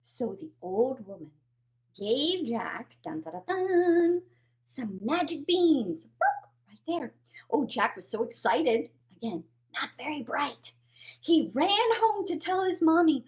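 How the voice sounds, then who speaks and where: A woman's voice: high voice, big pitch swings, slow, darkish tone. A woman hosting a children's storytime, playfully reading a fairy tale aloud with puppets. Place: home, recorded for a livestream.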